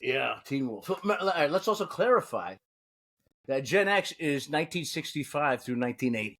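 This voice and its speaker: Lively, laughing middle-aged podcast man. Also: fairly high pitch, moderate pace. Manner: animated, laughing, profane storytelling. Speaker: podcast co-host. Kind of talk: casual podcast chat.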